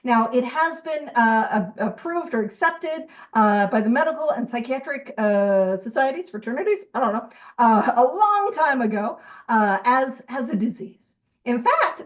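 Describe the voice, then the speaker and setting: Chatty, self-deprecating woman leading a group discussion on a video call, higher voice, a bit off-mic. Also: lively intonation, measured pace, recorded from a distance, rough recording. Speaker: co-host of a recovery book study group.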